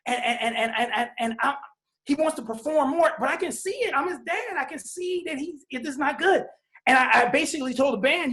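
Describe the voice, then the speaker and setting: A man's voice: extremely high pitch, bright, forceful tone. Heartfelt father telling his story. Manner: heartfelt, repetitive, halting restarts. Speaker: father sharing testimony. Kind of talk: emotional personal testimony.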